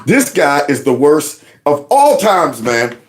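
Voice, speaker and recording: A man hosts a casual reaction show and mocks the clips he plays. His pitch swings widely as he talks, and he sounds middle-aged. His delivery is loose and teasing, and he often talks back to the screen. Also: sing-song, slow, a little hiss or hum. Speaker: commentary show host.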